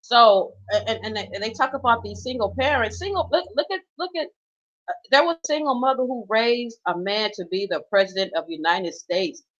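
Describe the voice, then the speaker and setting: A woman's voice: fairly high pitch, brisk, a bit bright. A middle-aged woman, a mother and grandmother, ranting emphatically and unscripted, swearing freely as she talks. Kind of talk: unscripted personal rant. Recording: slightly dull, lo-fi sound.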